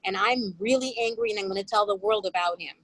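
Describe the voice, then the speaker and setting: A woman on a video call telling a personal story to a discussion group in an animated way. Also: medium pitch, fast talker, dry recording, poor audio. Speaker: course participant.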